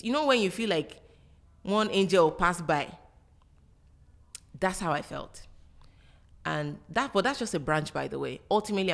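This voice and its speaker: A woman hosting a podcast in casual conversation, self-assured and animated, laughing often. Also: sits low, vocal fry. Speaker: podcast host.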